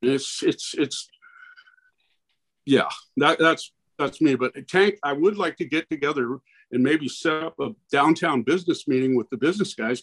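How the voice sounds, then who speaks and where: A man's voice: a little high, normal speed, fairly bright tone. A man who owns a local business speaks at a public meeting, rambling and worried, restarting his sentences often.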